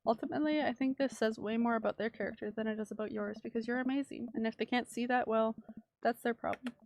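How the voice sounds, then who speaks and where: An earnest, caring father, read by a woman in a game, offers his daughter patient, reassuring advice. The delivery is steady and level and pitched fairly high. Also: fast talker, natural voice. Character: caring single dad, gentle and earnest.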